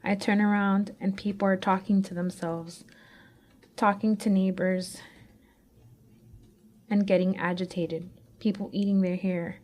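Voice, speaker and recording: A woman with a middle-pitched voice reads her own memoir aloud. Her delivery is raw and anxious, an unguarded personal confession. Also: little pitch movement, unhurried, pauses often, darkish tone. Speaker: student reading her personal essay. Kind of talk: first-person memoir reading.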